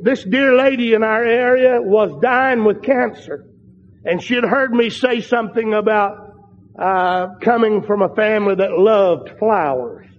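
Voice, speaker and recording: An older man preaching a sermon with fervent, drawn-out emphatic phrases. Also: sits high, slight background noise. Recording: dull lo-fi sound in a large reverberant hall.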